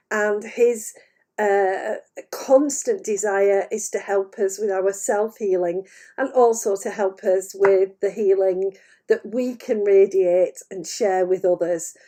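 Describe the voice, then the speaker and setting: A woman medium speaks unhurriedly to her live-stream viewers in a soft, mellow voice that sits a little high for a woman. Her talk meanders, with many small fillers and restarts, and laughter is never far away. She speaks into a camera mic in a room at home. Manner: chatty and meandering, many "uh"s, easily breaks into laughter. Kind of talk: unscripted spiritual talk to camera.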